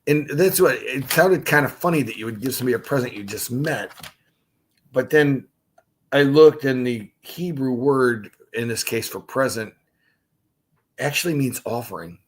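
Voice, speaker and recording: A man's voice: mid-range voice, normal speed, husky. A man hosting a casual livestream Bible study, reading scripture aloud and stopping for chatty asides.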